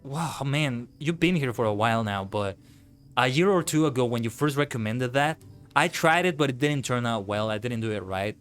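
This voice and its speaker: A man chatting on a live gaming stream who breaks into animated, swearing rants. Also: medium pitch, moderate pace, smooth, faint music behind. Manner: ranting, swears freely, animated outbursts. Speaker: VTuber streamer. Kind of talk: casual live-stream chat while gaming.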